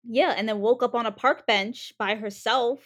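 A woman's voice: on the high side, normal speed. A woman in a casual chat, recapping a TV episode and acting out the characters' lines. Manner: chatty, acts out characters' lines while retelling.

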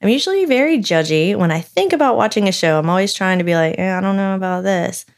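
A woman's voice: medium pitch, animated, quick pace. A woman co-hosting a podcast, telling a story and bantering in casual chat. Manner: chatty, narrating then bantering. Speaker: podcast co-host.

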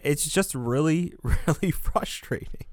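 A young American man co-hosting a casual film discussion, animated and ranting, swearing and laughing often. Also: a little high, slow, no echo, studio quality. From United States. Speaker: podcast co-host.

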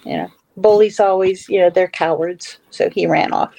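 A woman's voice: lowish voice, fairly even intonation, normal speed, creaky, dark tone, rough recording. A middle-aged woman telling a personal story as a guest in a casual talk, with many fillers and restarts. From Western Pennsylvania / Ohio area.

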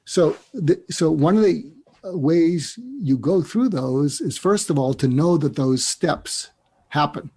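Speaking slowly in a slightly high, mellow voice with a breathy edge, a psychiatrist appears as a guest on an interview show. His manner is earnest and reflective as he walks through his ideas step by step, and he becomes emotional remembering a mentor.

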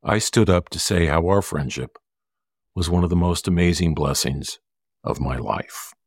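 A middle-aged man telling a personal story in a slow, measured, earnest way. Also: low voice, husky, dry recording, studio quality. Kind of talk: personal story told to an audience.

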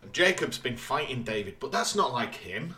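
A man with a bright, forceful voice co-hosts a casual podcast. He talks through an episode's plot in an easy, conversational way and drops wry, deadpan remarks along the way. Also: mid-range voice, moderate pace. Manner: dry, wry asides while summarising. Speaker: podcast co-host. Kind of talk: casual chat recapping an episode.

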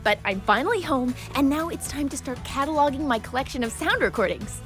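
A woman with a high, lively voice hosts a children's nature show. She reads her script in a bubbly, playful way, and her pitch swings widely from line to line. Clear music plays under her voice. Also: a little fast. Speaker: show host.

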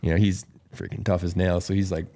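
A calm, laid-back man telling a story as a podcast guest in casual conversation. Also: deep voice, fast.

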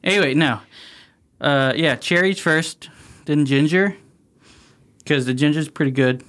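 A man's voice: a little high, unhurried, fairly bright tone. A man co-hosting a podcast, chatting casually with wry asides. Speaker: podcast co-host. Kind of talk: casual chat.

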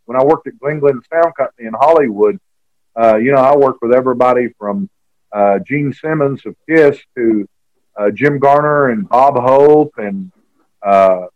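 A man's voice: medium pitch, moderate pace, dry recording, highs cut off. A man, an author being interviewed, telling a long rambling story with many fillers and restarts. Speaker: author and guest.

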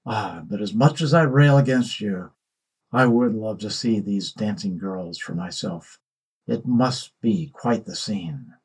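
A man voicing an arrogant young king who mocks, threatens and shouts. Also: on the low side, unhurried, husky. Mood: eager.

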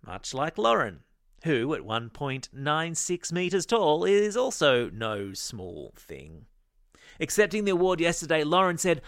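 A man's voice: fairly high pitch, very animated, a little slow, fairly bright tone, dry recording, studio quality. A man hosting a daily kids' news podcast, reading scripted stories in a playful, upbeat way with jokey asides. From Australia. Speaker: news podcast host for kids. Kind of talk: scripted news narration for kids.

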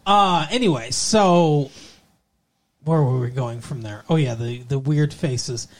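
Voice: mid-range voice, slow. A podcast co-host chatting casually about a TV episode, opinionated and profane, with loose rambling sentences. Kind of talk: casual TV recap chat.

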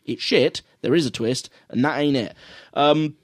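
A man's voice: medium pitch, a little slow, dry recording, studio quality. A man co-hosting a casual podcast, riffing on a film with swearing and quoted lines. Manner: animated, swearing, quoting lines in funny voices. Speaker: podcast co-host reviewing a film. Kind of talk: casual chat.

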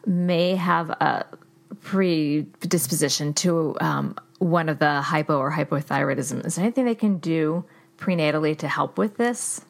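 A woman's voice: low voice, unhurried, gravelly. Woman host asking questions. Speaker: podcast host. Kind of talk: interviewer questions.

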